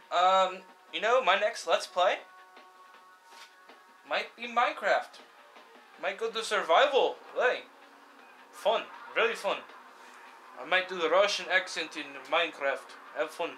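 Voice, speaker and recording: A young man with a high voice gives loose, excitable commentary over a racing game, cursing and cheering as he drives. Loud game music and engine roar sit under his voice. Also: a little slow, pauses often. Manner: excitable, swears freely, yells at the race. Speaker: gameplay commentator. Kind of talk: casual let's-play commentary. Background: game music and car engine sounds.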